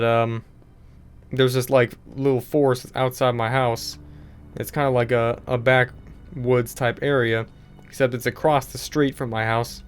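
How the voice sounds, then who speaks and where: A man's voice: mid-range voice, clean tone. A young man hosting a gaming channel, telling a story casually over gameplay, in a rambling way with lots of filler words.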